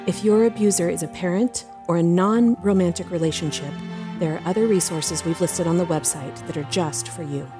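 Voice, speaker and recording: A woman with a slightly low voice reads a scripted outro for her podcast in a calm, earnest tone. Clear music plays underneath her voice. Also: a little fast. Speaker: podcast co-host.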